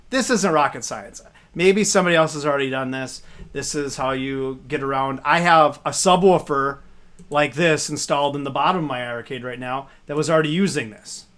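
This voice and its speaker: Man, slightly high voice, rambling, casual live-stream tech talk. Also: fairly bright tone. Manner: rambling, explains hands-on with fillers.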